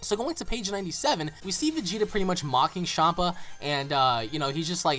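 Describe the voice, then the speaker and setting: A man's voice: sits high, animated, fast, hardly any pauses, a bit bright, faint music behind. A man hosting a casual anime recap, rambling with lots of fillers. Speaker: host.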